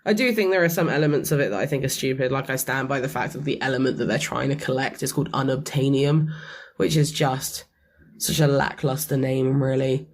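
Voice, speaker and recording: A woman with a hoarse, croaky voice, chatting casually and rambling as a podcast co-host. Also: a bass voice, steady tone, fairly quick. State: hoarse, croaky after a late night. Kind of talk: casual chat.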